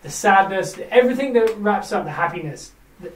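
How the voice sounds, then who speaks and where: Fast, animated man in a roomy room. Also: high-pitched. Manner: animated, quick, acts out quotes. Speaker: podcast co-host. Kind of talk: casual wrestling chat. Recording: roomy live stream mic from a distance.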